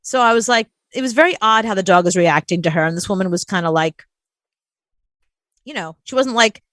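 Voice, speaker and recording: A woman's voice: mid-range voice, brisk, no room sound. A woman co-hosting a show, telling a story in casual chat and acting out the people she quotes. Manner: animated, acts out quoted voices. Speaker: co-host.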